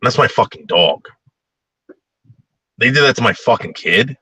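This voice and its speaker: A man's voice: medium pitch, lively intonation, unhurried, pushed and bright, breathy edge, dry recording, rough recording. A man ranting bluntly in a heated, profane opinion monologue.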